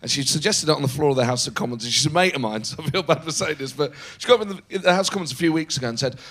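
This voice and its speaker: Comic guy, youngish, bit high-pitched, tells stories and swears a lot, laughs mid-line. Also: very fast, few pauses. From Nottingham, England. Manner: animated storyteller, swears freely, laughs mid-sentence. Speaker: guest comedian and impressionist. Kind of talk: casual comic chat.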